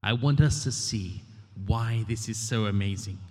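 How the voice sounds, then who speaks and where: A man's voice: fairly low pitch, measured pace, darkish tone. A man preaching a sermon, emphatic and rhetorical, asking the congregation questions and dramatically quoting scripture. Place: church. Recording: long reverb of a large hall.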